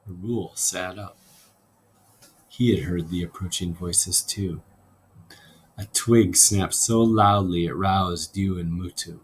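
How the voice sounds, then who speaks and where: Man, teacher reading a novel aloud; low, husky, unhurried storytelling delivery. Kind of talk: read-aloud narration with a classroom assignment.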